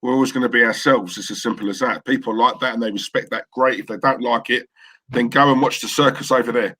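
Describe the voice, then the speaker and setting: East London bloke, bright and punchy, enthusiastic fan-stream co-host. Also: male voice, mid-range voice, fast talker, breathy edge. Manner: enthusiastic, repeats phrases for emphasis. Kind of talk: casual chat.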